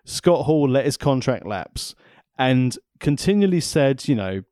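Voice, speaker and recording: A man's voice: medium pitch, sing-song, a little slow, a little mellow, dry recording. Man explaining with dry jokes. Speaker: podcast co-host. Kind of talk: casual chat.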